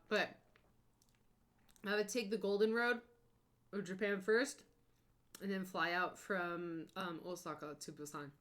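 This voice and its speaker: Gushing over her travel photos in a casual stream, this young woman is all bubbly enthusiasm, punctuated by excited squeals. Her voice falls in the mid range.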